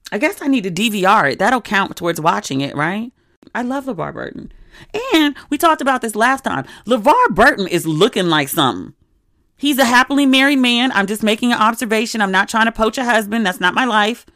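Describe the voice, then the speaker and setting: A young adult woman hosting a podcast, telling stories in casual, animated chat with frequent asides. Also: fairly high pitch, no echo, studio quality. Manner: animated, conversational storytelling with asides. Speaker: podcast host.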